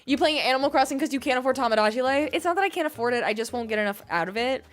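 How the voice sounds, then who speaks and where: A young woman chats with her stream audience in a giggly, easygoing way, her fairly high voice swinging up and down with lots of life. Soft music runs underneath her talk. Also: lively intonation, very fast. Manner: bubbly, giggly, reads out chat and muses on word pronunciations. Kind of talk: casual livestream chat with viewers.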